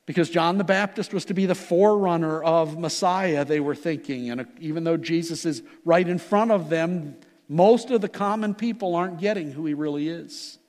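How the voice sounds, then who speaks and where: A pastor preaching a sermon in an earnest, emphatic manner that rises and falls. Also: male voice, fairly high pitch, moderate pace, a little mellow, long reverb tail. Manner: earnest, emphatic preaching with rising and falling delivery.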